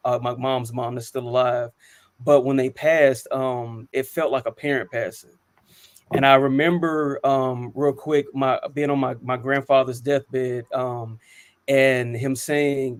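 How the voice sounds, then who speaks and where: A man's voice: mid-range voice, no room sound. A man in his thirties telling personal stories on a panel talk show, earnest and reflective, with frequent ums and restarts. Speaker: co-host.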